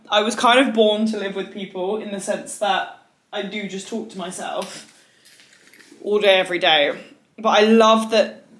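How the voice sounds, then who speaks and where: A woman in her twenties talking casually to the camera at home, rambling, animated and swearing freely. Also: mid-range voice. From United Kingdom. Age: 20s. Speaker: vlogger. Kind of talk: casual chatty vlog.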